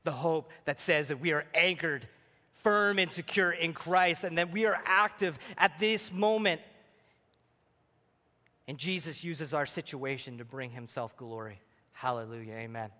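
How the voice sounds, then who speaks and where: A male pastor preaching with a high, bright, forceful voice that rings out through a large, reverberant hall. He swings between fervent, near-shouted lines and quiet, hushed moments of reflection. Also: measured pace. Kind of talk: sermon.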